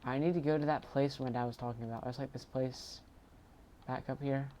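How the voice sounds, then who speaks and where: Excitable man commenting on a game. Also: mid-range voice, brisk, slight background noise. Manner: chatty, bursts into excited shouts. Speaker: gaming channel host.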